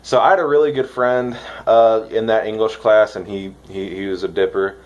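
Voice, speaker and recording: A young man from the United States rambling excitedly in a casual vlog, swearing now and then. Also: lowish voice, normal speed, muffled recording. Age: young adult. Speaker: vlogger reviewing dip.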